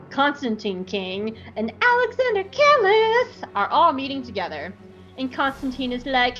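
A young woman hosting a podcast, recapping a TV episode in a casual, animated way full of likes. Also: on the high side, dull audio. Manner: animated, bubbly, lots of likes. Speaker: podcast host.

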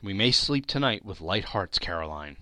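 A man voicing a poor debtor husband in a storybook reading, speaking in a low, confiding way. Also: animated, moderate pace, sharp tone, no echo, clean studio sound. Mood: relieved.

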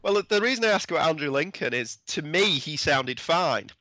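A man's voice: a little high, animated, moderate pace, pushed and bright, no room sound. A British man in a casual chat, blunt and opinionated, with some swearing.

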